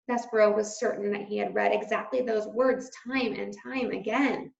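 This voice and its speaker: A woman's voice: mid-range voice, normal speed, creaky, few pauses. Woman teacher reading a story aloud. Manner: expressive storytelling. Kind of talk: reading a children's novel aloud. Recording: roomy, slightly dull recording.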